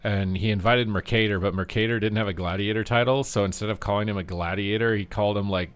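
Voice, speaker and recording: A man's voice: fairly low pitch, fairly even intonation, fast. A man streaming a video game, chatting casually with viewers while he plays, cracking jokes and swearing now and then. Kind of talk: casual live gameplay commentary.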